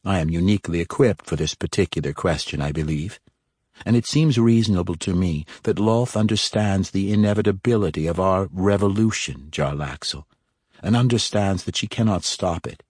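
A man narrating a fantasy story, voicing a calm, composed young female dark elf with a slightly lifted tone. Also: low-pitched, moderate pace, slightly rough, no room sound, studio quality. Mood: poised.

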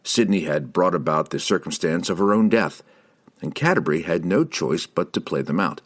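A man reading a fantasy novel aloud as an audiobook, measured and expressive. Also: sits low. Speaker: audiobook reader. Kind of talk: scripted fantasy novel narration.

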